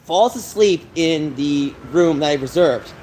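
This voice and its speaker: A man's voice: a little high, lively intonation, measured pace, darkish tone, a little hiss or hum, rough recording. A man livestreaming to his viewers, telling an agitated, rambling story and repeating himself as he vents. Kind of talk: livestream chat, ranting to viewers.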